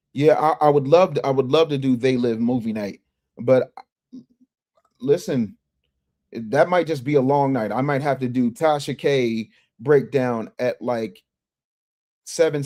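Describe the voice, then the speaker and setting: In a mid-range voice, this livestream news commentary host goes through viewer chats on a casual stream. His remarks are animated and emphatic, full of repeated phrases and frequent restarts.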